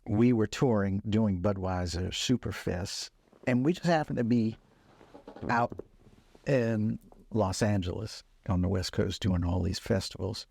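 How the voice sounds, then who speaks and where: An older man, a musician, telling stories from his career in a relaxed, laughing way on a podcast. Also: lowish voice, a little slow, creaky, husky. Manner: relaxed, laughing storyteller, acts out quoted voices. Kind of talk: casual storytelling chat.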